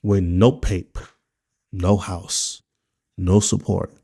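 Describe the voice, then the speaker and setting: A man from Nigeria speaks straight to camera in a personal video diary. His voice sits low and mellow, and he talks in a candid, rambling way laced with swearing. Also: little pitch movement, very slow, gravelly, breathy edge. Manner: candid, profane, rambling talk. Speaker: vlogger.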